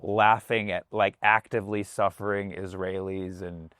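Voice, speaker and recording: A male comedian chatting loosely on a podcast, his voice sitting a little low. He curses freely and acts out what other people say. The sound is dry and close. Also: flat delivery, measured pace, a bit bright, no echo. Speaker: comedian guest. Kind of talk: casual podcast conversation.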